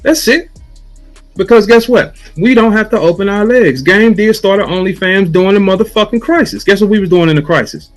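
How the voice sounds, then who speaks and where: A battle rapper from St. Louis goes off in a profane, mocking rant, his voice sitting a touch high for a man. He taunts his target and slips into a droning imitation of a chant. Faint music runs underneath. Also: a little fast, hardly any pauses, rough recording. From St. Louis, USA.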